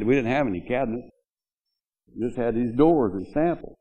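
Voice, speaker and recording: An older man speaking at a memorial tells rambling, homespun stories about a late friend, peppered with "you know." His voice is mellow and warm at a middle pitch. The recording sounds dull and lo-fi, like an old home video. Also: normal speed, breathy edge, faint music behind. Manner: folksy, rambling storyteller, many "you know"s. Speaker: eulogy speaker. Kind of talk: memorial speech with anecdotes. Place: memorial gathering, speaking to mourners.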